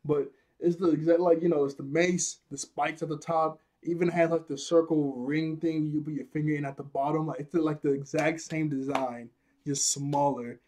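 A man's voice: fairly high pitch, fairly even intonation, moderate pace, a little mellow. Laughing, rambling young-sounding man. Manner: rambling, laughs often, acts out characters' lines. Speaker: anime reviewer. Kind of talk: casual episode recap.

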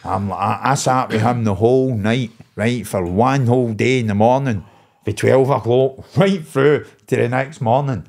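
A Glaswegian man from Scotland, a podcast guest telling a prison anecdote with lively, laughing delivery in broad dialect. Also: mid-range voice, measured pace. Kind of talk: anecdotal storytelling.

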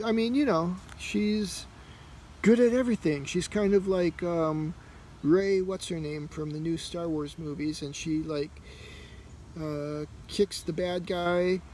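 A man's voice: high-pitched, darkish tone, slight background noise, rough recording. A man casually talking through a comic book issue in a rambling way, full of fillers and restarts. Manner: rambling, heavy on fillers like "you know" and "uh". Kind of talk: casual spoken review.

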